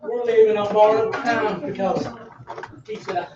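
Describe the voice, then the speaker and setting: Man, revival preacher, high hollering voice, distant echoey church recording with the congregation behind him. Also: steady tone, unhurried, dull audio, background noise. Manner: shouting, hollering, whooping and laughing. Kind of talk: fiery revival sermon. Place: church sanctuary.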